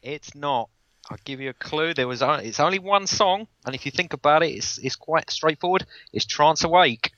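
A man's voice: on the high side, animated, normal speed, sharp tone, no room sound, muffled recording. A man acting as quiz master on a casual podcast, reading out questions and teasing the players in a dry way.

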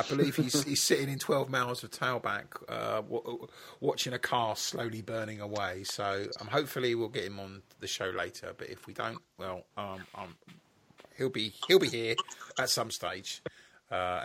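A man's voice: lowish voice, normal speed, fairly bright tone. A man from London with a London accent, hosting a casual podcast chat and joking and laughing often. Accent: London English. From London, England. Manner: chatty and jokey, laughs often. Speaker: podcast host.

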